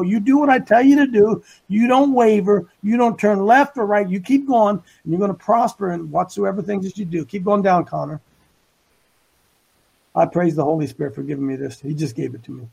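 Raspy high-pitched folksy preacher man. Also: fairly quick, mellow, low-quality recording. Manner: folksy, emphatic, paraphrases scripture in slang. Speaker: Bible teacher on a talk show. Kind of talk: folksy preaching Bible study.

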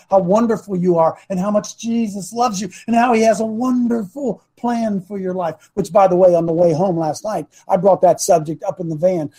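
A man hosting a talk show as a coach, preaching with passion and at times shouting. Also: high-pitched. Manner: impassioned, swings to shouting. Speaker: host and coach.

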